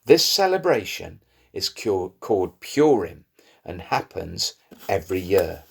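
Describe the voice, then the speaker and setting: A man narrating a Bible story for young children in an expressive storytelling manner. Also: sits low, measured pace, vocal fry, breathy edge. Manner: lively, expressive storytelling with rising emphasis.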